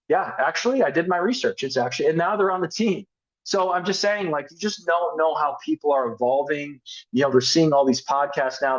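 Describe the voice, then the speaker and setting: A man's voice: on the high side, muffled recording. A man giving a casual motivational talk on sales and team building, acting out sample conversations as he coaches. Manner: casual, energetic, acts out sample dialogues. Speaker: network marketing team leader.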